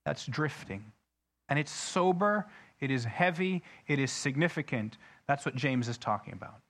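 Bright-voiced emphatic man preaching. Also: mid-range voice, expressive, normal speed. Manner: emphatic, asks the congregation questions; reads scripture aloud with heavy emphasis. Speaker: pastor. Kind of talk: sermon.

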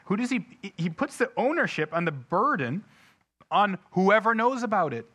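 A man's voice: high-pitched, big pitch swings, normal speed, bright, forceful tone. A man preaching a sermon, reading scripture aloud with heavy emphasis and often putting questions to the congregation. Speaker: pastor.

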